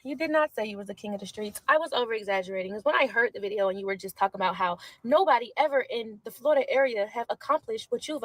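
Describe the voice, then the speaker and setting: A young woman, a content creator ranting loudly and sassily in a reaction vlog, swearing a lot. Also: on the high side, no room sound, poor audio. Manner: loud, sassy, animated, swears a lot.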